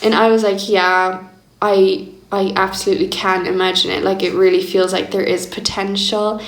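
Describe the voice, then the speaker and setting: A woman's voice: medium pitch, flat delivery, normal speed. A young woman speaking candidly and reflectively in a personal diary vlog, laughing often as she talks. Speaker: vlogger. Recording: echoey room.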